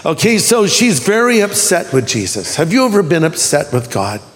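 A pastor with a notably high voice delivers a sermon, rising and dropping his pitch for emphasis and slowing down on key words. The sound carries the long reverb of a large hall. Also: big pitch swings. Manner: preaching with emphatic swings in pitch.

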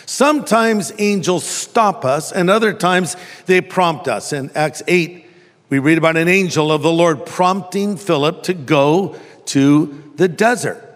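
A man's voice: on the high side, unhurried, long reverb tail. A man preaching a sermon, telling a story with humor and acting out the voices. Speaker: pastor.

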